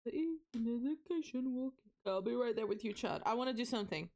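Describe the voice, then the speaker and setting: A young woman from Portugal, speaking with a Portuguese accent in a fairly high voice at a quick pace, casually talks with her stream chat during a set build. She comes across as chatty and animated, responding to her viewers.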